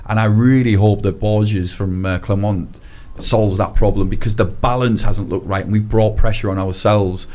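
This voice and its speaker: A man's voice: lowish voice, steady tone, moderate pace, hardly any pauses, mellow. A man giving earnest, opinionated views as a guest on a football podcast. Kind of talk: casual football chat.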